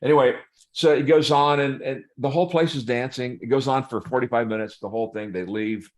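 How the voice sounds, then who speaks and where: A man, a pastor, telling humorous stories in a relaxed chat, laughing as he acts out the people in them. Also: mid-range voice, fairly quick. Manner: humorous, laughing storyteller, acts out quoted voices. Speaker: pastor and guest. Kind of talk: casual storytelling chat.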